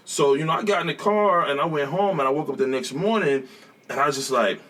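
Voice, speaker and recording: Man, schoolteacher guest, casual storytelling, quick talker, animated, laughs often, slightly distant from the mic. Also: fairly high pitch. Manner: animated, laughing storyteller who acts out quotes. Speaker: teacher, guest.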